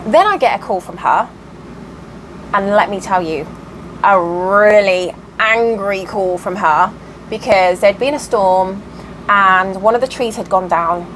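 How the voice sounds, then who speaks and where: A woman's voice: mid-range voice, fairly bright tone, a little hiss or hum, low-quality recording. A woman vlogger at home telling a long story in a chatty, rambling way, full of fillers and restarts. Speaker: cross stitch vlogger. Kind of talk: casual storytelling vlog. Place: at home by an open window.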